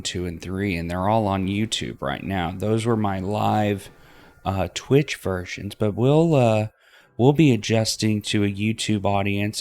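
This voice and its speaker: A man's voice: fairly low pitch, darkish tone. A man hosting a visual novel let's play, talking casually and hesitantly with many fillers. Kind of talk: casual video intro.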